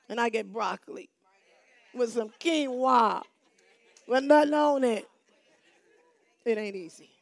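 A woman pastor preaching a sermon in call-and-response style, repeating phrases for emphasis and swinging between hushed lines and shouts. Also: high voice, expressive, unhurried, gravelly, long pauses, no room sound, a faint crowd.

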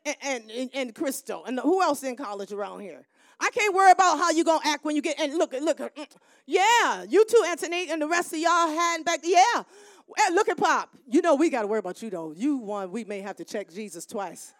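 A middle-aged woman minister preaching a sermon, swinging from quiet storytelling to loud shouted calls and crowd call-and-response. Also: sits high, animated, brisk, dry recording, clean studio sound.

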